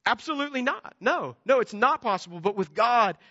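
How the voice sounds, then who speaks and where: High, bright-voiced man preaching in a hall. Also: a little fast. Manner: animated, swings between loud emphasis and hushed storytelling. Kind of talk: sermon. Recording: dull lo-fi sound with long hall reverb.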